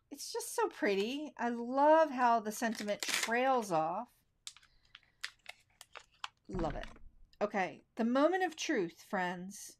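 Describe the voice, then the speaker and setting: A woman teaching card making in a live craft demonstration, chatting loosely and thinking aloud as she works. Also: fairly high pitch. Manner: relaxed, chatty, thinks aloud while working; slow, drawn-out phrasing.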